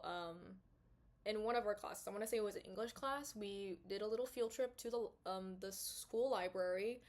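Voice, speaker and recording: A woman in her twenties hosting a podcast from her bedroom, chatting casually with lots of fillers and side tangents on a small mic. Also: mid-range voice. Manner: chatty, rambling, full of fillers and asides. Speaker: podcast host. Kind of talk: casual talking-to-camera chat. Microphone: small clip-on mic.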